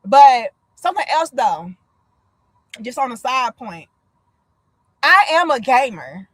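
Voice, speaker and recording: A woman's voice: sits high, slow pace, no room sound. A woman in her thirties, from the United States, hosting a casual livestream chat, blunt and profane, telling stories with lots of energy. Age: 30s. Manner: blunt, profane, animated storytelling. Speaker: livestream host.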